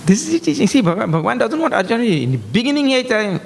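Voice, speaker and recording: A man giving a humorous, animated scripture discourse as a spiritual teacher, breaking into chanted verses. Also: very high-pitched, racing, creaky, a little hiss or hum. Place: large hall. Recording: echoey hall.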